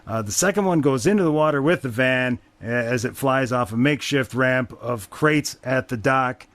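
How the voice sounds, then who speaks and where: A man's voice: medium pitch, moderate pace, a bit bright, no echo. A man hosting a podcast, casually recapping a movie plot in a wry, rambling way with frequent swearing. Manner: profane, wry, rambling with fillers. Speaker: podcast host.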